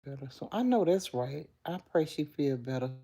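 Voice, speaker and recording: A middle-aged woman chats casually on a livestream. Her voice is lower than most, but it swings widely in pitch as she answers viewers' comments one after another. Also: expressive, moderate pace, warm tone, slightly rough. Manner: talks straight to viewers, reads and answers chat comments. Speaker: livestream host. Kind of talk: casual live-stream chat.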